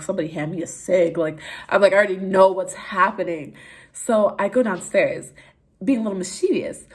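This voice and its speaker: Young canadian woman vlogger, kinda husky, telling a wild story all animated. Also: on the low side. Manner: candid, animated storytelling with swearing and quoted voices. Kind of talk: casual story time.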